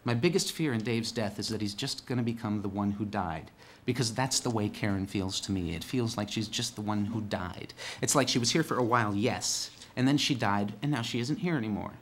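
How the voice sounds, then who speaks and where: A man from northern California gives a theatrical storytelling monologue as a solo stage performer, full of dark, sardonic humor. His lowish voice moves fairly quickly with hardly any pauses, swinging between hushed, somber delivery and loud, emphatic bursts.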